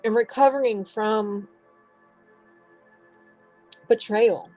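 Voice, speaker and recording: A woman's voice: mid-range voice, very slow, mellow, faint music behind, low-quality recording. A woman giving a casual tarot reading, rambling and restarting, swearing now and then. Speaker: tarot reader.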